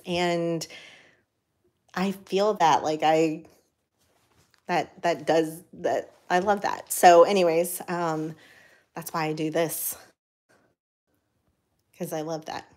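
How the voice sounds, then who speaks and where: A woman's voice: on the low side, a little mellow. An American woman talking casually while she crafts, rambling with lots of fillers and restarts, her voice a little worn from talking. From United States. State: voice cracking from talking. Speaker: craft vlogger.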